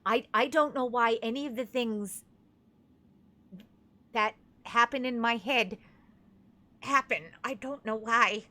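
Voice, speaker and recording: A woman's voice: fairly high pitch, takes it slowly, long pauses, sharp tone. A young woman streaming a game, rambling in a chatty, self-deprecating way as she plays. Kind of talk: casual gameplay commentary.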